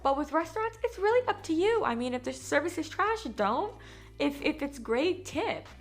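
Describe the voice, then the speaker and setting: A young American woman chatting casually to camera in a vlog, talkative and animated with lots of fillers. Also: high voice, moderate pace, faint music behind. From United States. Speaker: vlogger.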